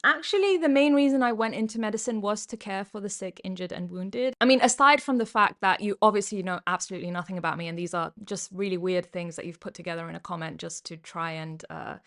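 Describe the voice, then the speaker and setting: A woman's voice: medium pitch, quick pace, hardly any pauses, fairly bright tone. Amused chatty British woman. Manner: amused, laughs often, chatty. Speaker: YouTuber and former doctor. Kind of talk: casual reaction vlog, reading comments aloud.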